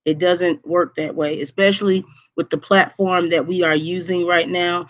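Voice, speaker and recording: A woman's voice: fairly low pitch, fairly even intonation, moderate pace, highs cut off. A woman teacher giving a live online lesson to her students, repeating key points and checking in with "okay?". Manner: repetitive, emphatic, checks in with "okay?".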